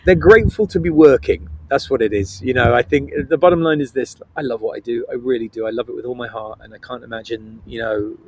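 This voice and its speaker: A middle-aged Welsh man, from Wales, with a Welsh accent, talking as a guest on a podcast interview. He is earnest and reflective, and he turns playful when he tells stories from behind the scenes. His voice sits at an ordinary middle pitch for a man. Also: fast talker, hardly any pauses, a little mellow. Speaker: guest actor.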